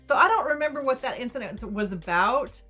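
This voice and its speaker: A woman's voice: high voice, expressive, a little fast, sharp tone, soft background music. Chatty woman vlogger telling a story. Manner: rambling, chatty retelling with asides. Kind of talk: casual storytime.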